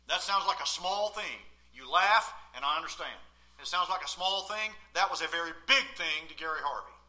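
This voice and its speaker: A male pastor preaching a sermon from the pulpit in a church, swinging between loud emphatic outbursts and quiet asides. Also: a little high, normal speed.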